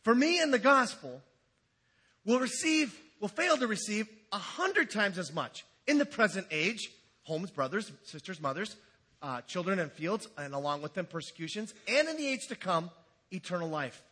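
Male preacher, high husky voice, lively and joking, bright tone. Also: moderate pace. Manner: animated, jokey, acts out quotes. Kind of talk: humorous sermon.

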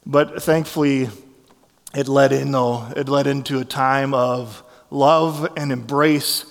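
A man preaching a sermon as a pastor, telling stories in a conversational, animated way with restarts. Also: mid-range voice, takes it slowly, creaky, long reverb tail.

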